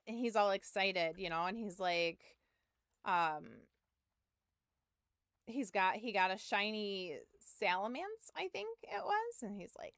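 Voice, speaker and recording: A woman in her thirties tells a long, rambling story to her stream chat, with a filler word every few words and the odd curse. Her voice is smooth and clear. The sound is dry, close to the mic, with no room in it. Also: medium pitch, animated, moderate pace, fairly bright tone, dry recording. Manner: rambling, full of "like", swearing, self-mocking.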